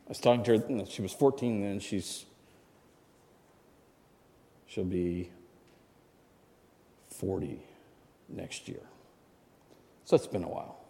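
Mellow-voiced preacher in his sixties. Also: fairly low pitch, takes it slowly, pauses often. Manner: conversational, asks the congregation for amens. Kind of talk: sermon storytelling. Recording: long hall reverb.

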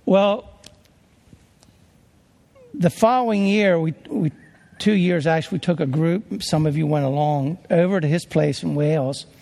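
A man's voice: fairly high pitch, measured pace, vocal fry, long pauses, dark tone, in a large hall. A man from Pennsylvania, a pastor telling a story in an earnest, conversational sermon with frequent restarts.

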